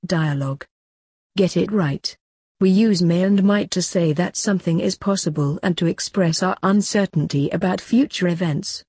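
A woman reading textbook exercise instructions in a measured, clear, instructional way. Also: lowish voice, warm tone, no room sound, clean studio sound. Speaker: textbook audio narrator.

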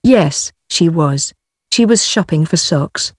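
A woman's voice: low voice, animated, slow, a little mellow, husky, no echo, studio quality, full character voice. A woman reading the answers of a young boy in a textbook dialogue, in a plain reading voice.

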